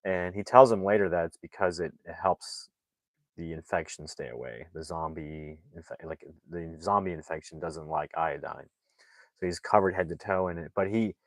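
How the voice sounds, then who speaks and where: A movie reviewer with a deep voice recaps a film's plot in a loose, rambling way, constantly saying "like" and restarting his sentences. He talks at a normal speed, and the recording is rough but has no echo.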